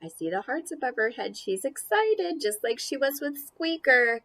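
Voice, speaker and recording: A woman reading a picture book aloud to children, animated and playful, with chatty asides about the pictures. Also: high-pitched, normal speed. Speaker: storybook reader.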